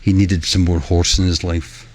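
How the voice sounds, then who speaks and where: A man's voice: low-pitched, level tone, normal speed. A man rambling and joking with his chat while live-streaming a game, wearing a headset. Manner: rambling, jokey, talks to chat. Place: home room.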